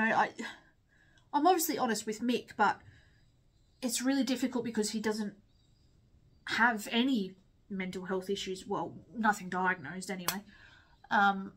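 A woman's voice: medium pitch, a bit bright. Young Aussie woman, candid rambling vlog chat over makeup, sniffly. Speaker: vlogger. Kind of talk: casual chat while doing makeup.

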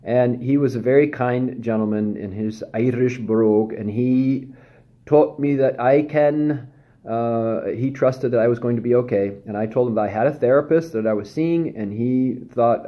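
A man giving a candid, self-deprecating personal testimony, speaking haltingly with frequent pauses and restarts. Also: mid-range voice, lo-fi sound. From Southern California.

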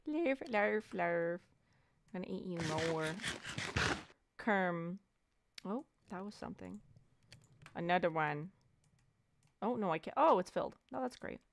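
A woman's voice: fairly low pitch, unhurried, creaky, long pauses, a little hiss or hum. A woman giving casual, rambling gameplay commentary, muttering self-deprecating asides to herself as she plays. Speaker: let's play gamer.

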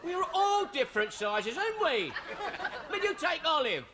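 An actor playing a cheeky young bus driver in a 1970s studio sitcom, brash and wisecracking. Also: male voice, very high voice, very animated, moderate pace, over a noisy crowd. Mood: joking. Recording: hissy old TV soundtrack.

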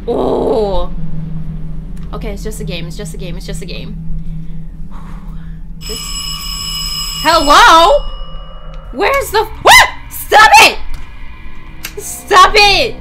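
A woman giving horror game let's-play commentary, jittery and swinging from hushed muttering to frantic yelps. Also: high-pitched. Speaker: video game player.

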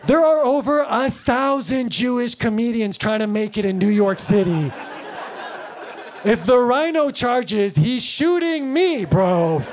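A man doing stand-up comedy in a live club, animated and slangy, on a stage mic. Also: extremely high pitch, unhurried, hardly any pauses, some chatter behind, slight background noise. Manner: animated, slangy, lots of "like" and "bro".

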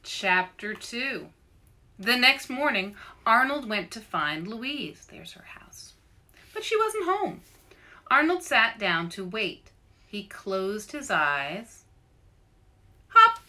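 A woman author reading her children's book aloud, expressive and asking young listeners questions. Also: mid-range voice, slow pace. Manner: expressive, asks kids questions. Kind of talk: picture book read-aloud.

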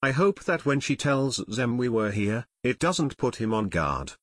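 A man's voice: mid-range voice, a little slow, no echo, studio quality. Eager teen boy detective, read by a man. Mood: excited. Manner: excited.

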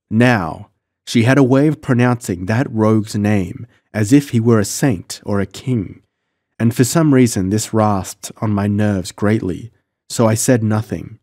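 Man reading an old adventure audiobook, lowish voice, dry close sound, steady dramatic telling. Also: no room sound. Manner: measured, dramatic storytelling. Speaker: audiobook narrator. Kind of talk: scripted first-person audiobook narration.

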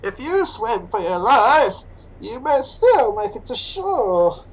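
A man doing an impression of a hulking masked male villain, slow and menacing, a little off the mic. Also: extremely high pitch, very animated, exaggerated voice, rough recording.

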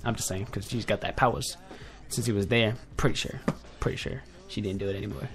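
A man's voice: fairly low pitch, fast talker, a bit bright. A young man hosting a casual online radio show. He talks off the cuff to his listeners, rambling and often correcting himself along the way. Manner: rambling, with frequent self-corrections and filler; chatty and direct with listeners. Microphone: headphones with a desk mic.

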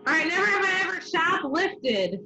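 A woman's voice: very high voice, big pitch swings, normal speed, gravelly, bright, forceful tone, soft background music, low-quality recording. A young woman from Long Island, bluntly telling a story in casual chat.

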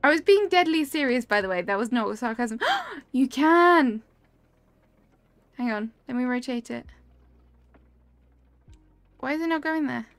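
A woman's voice: high-pitched, expressive, measured pace, pauses often, no room sound. A young woman streaming a cozy game, chatting casually and reacting aloud to what happens on screen while answering her chat.

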